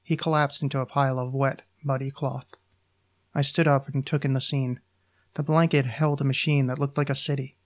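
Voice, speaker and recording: A podcast host reading his own short story aloud in an even, measured way. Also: medium pitch.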